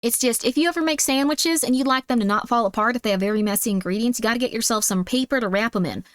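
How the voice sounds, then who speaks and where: Squeaky woman with a put-on Southern drawl. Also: quick pace. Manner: sweet, effusive, calls viewers sweetie. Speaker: streamer. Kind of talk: casual livestream chat.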